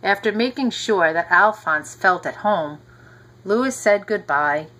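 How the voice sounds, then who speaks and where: Woman, reading a storybook aloud to a child, gentle, talks to the listener, unhurried. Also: mid-range voice, animated, rough recording. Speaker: reader.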